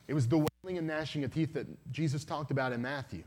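A man's voice: medium pitch, fairly even intonation, fast talker, hardly any pauses, a little mellow. A man giving an earnest sermon to a youth event, retelling a story with many quoted lines and pleading with listeners. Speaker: evangelist, guest speaker.

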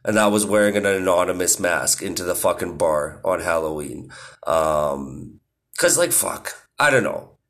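Foul-mouthed rambling man, low voice. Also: animated, a little slow, fairly bright tone. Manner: profane, rambling, laughs at own jokes. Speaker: podcast host. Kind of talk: casual monologue.

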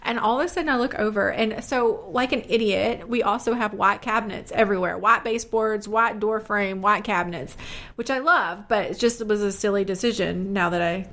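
A woman in her thirties co-hosting a casual chat podcast, telling a story with lively acted-out moments. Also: brisk. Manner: animated storyteller, jumps high when acting out scenes. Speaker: podcast co-host.

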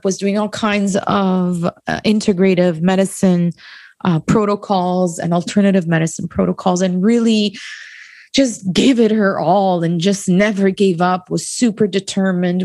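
A woman hosting a podcast who speaks in an emotional, halting way with many fillers, dedicating her show. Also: medium pitch, darkish tone, dry recording, clean studio sound. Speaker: podcast host.

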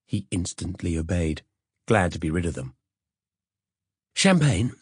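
A man narrating an audiobook in a measured storytelling manner. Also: low voice, darkish tone, slightly rough, no room sound, clean studio sound. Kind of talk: scripted narration.

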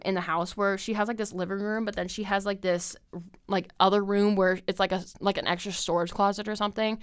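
The podcast host here is a young woman spinning a long, rambling story, filler-heavy with lots of "like" and plenty of swearing. Her voice is medium in pitch, a bit bright and smooth, captured in studio quality with no echo.

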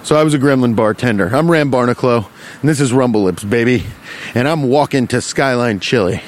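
A man's voice: mid-range voice, brisk. Man rambling absurd podcast bit outdoors. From Cincinnati, US. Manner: rambling, profane, deadpan absurd boasting. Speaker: podcast host. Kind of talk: improvised comedic monologue. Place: outdoors, walking along a street. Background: faint traffic.

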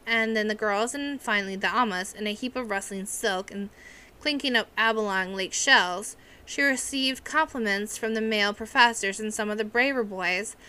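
A woman reading a novel aloud in steady, measured narration. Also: a little high. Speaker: audiobook reader.

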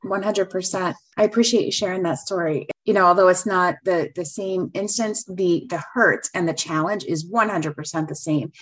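Older woman, podcast host, somewhat low voice, affirming, supportive. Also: normal speed, few pauses, husky, poor audio. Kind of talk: podcast interview.

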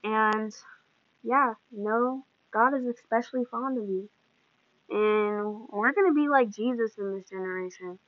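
A podcast host with a fairly high voice speaks unhurriedly, giving an earnest, emotional devotional talk in a preaching manner. The recording sounds dull, lo-fi and dry.

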